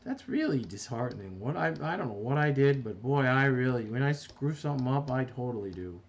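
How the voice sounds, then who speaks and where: A man's voice: mid-range voice, lively intonation, fairly quick, muffled recording. A middle-aged man from New Jersey, an animator chatting casually on a live stream while he works, reading viewer comments aloud and often breaking off mid-thought. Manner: rambling, self-interrupting, reads chat aloud.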